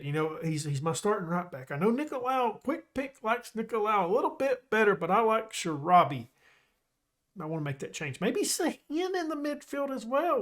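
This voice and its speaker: A man casually commentating his own football management game, chatty and excitable, joking with his viewers. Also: sits high. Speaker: gaming YouTuber.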